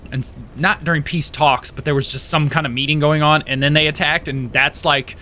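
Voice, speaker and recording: A man's voice: fairly high pitch, fairly even intonation, fairly quick, pushed and bright, a little hiss or hum. A man giving casual gameplay commentary in a rambling way, swearing and wandering into tangents with frequent restarts. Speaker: let's play gamer.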